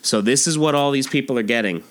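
A man's voice: medium pitch, fast talker. A man hosting a podcast, chatting casually about comics, with fillers and restarts between panel readings. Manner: reads comic dialogue aloud in voices, chatty with fillers. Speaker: podcast host. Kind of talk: casual comic book discussion.

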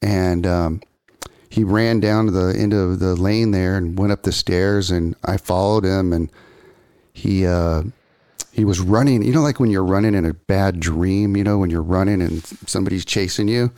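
An older man, a guest, telling a story in a casual, animated way, full of surfer slang and acted-out quotes. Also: low-pitched, moderate pace.

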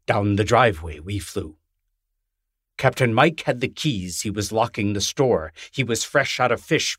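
Slow, lilting man reading a rhyming storybook. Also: on the low side, animated, breathy edge, no room sound, clean studio sound. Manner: gentle, lilting rhyming delivery. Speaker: author reading his book. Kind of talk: children's book reading.

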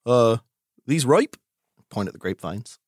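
A man's voice: mid-range voice, lively intonation, measured pace, darkish tone, breathy edge, dry recording, clean studio sound. A man playing a goofy character in a tabletop game, joking around. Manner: goofy, jokey. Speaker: player. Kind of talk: tabletop role-play in character.

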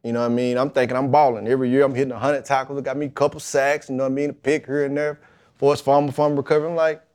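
A man tells his story in a relaxed, colloquial way on a podcast. He talks in an animated manner and slips into the voices of the people in his tale. His voice sits at a middle pitch. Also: rapid-fire. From Mississippi, USA. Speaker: guest, football player.

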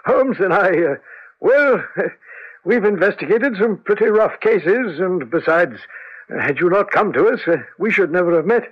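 An actor playing Doctor Watson, a flustered, stammering middle-aged doctor, in 1940s radio acting style on a lo-fi old radio recording. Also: male voice, high voice, animated, a little slow, full character voice. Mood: flustered tender. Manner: hesitant, stammering, clears throat often.

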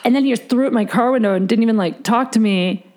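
Animated, profane woman telling a story. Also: a little high, quick pace. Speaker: podcast host. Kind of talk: casual storytelling chat.

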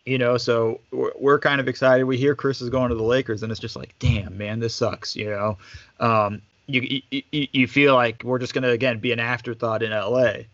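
Man, guest, easygoing storyteller, mid pitch, muffled dry sound. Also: fairly quick, no echo. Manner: relaxed, chatty, lots of fillers. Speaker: basketball staff guest. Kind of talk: casual storytelling.

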